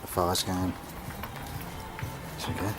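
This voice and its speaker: A man filming a casual video tour of his home kitchen and garden, talking in a meandering way with many pauses and fillers. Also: sits low, completely flat delivery. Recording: music clearly behind the voice.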